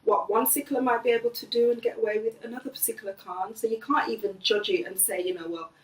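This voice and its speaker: A middle-aged woman, the host's mother, talking gently and earnestly in a casual family conversation. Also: a little high, fairly even intonation, fast, far from the mic. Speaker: mother of the host. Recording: echoey room, voice a bit off-mic.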